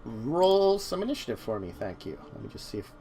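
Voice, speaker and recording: A man's voice: mid-range voice, very animated, fairly quick, mellow, faint music behind. A man narrating as dungeon master of a tabletop game, hesitant with many ums and uhs. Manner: hesitant, lots of um and uh.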